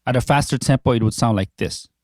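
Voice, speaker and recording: A man teaching a drum lesson, explaining patterns calmly step by step. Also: medium pitch, fast talker.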